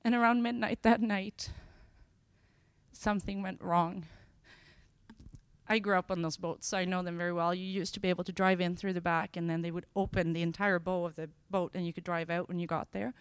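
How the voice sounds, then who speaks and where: A woman preaching a sermon, telling Bible scenes with lively voices and slowing down on key phrases. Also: lowish voice, clear, resonant tone. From Sweden. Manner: expressive, acts out scenes with sudden loud bursts.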